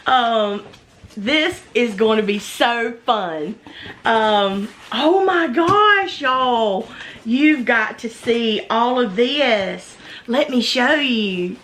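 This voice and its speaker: Woman vlogger, high and lively, slow gushing delivery, bright tone, faint background noise. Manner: gushing, gasping with delight. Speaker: vlogger unboxing a gift box. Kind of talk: casual unboxing vlog.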